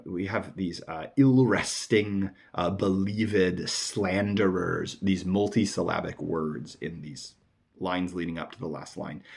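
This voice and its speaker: Low gravelly guy talking thru a poem casually, slows way down on the quotes. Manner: thoughtful, animated, reads verse slowly. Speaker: poetry podcast host. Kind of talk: casual poetry lecture.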